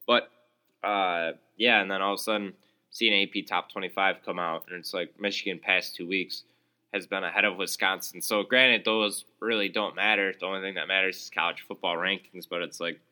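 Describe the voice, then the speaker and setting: A man's voice: fairly low pitch, pushed and bright, clear, resonant tone. A young man hosting his own podcast alone, ranting in an exasperated, sarcastic way with lots of fillers and restarts. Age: young adult. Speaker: podcast host.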